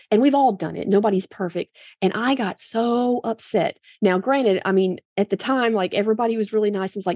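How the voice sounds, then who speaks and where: A woman guest in a casual interview, telling stories in a candid and animated way. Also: medium pitch, moderate pace, hardly any pauses, dry recording. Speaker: guest, medical device consultant.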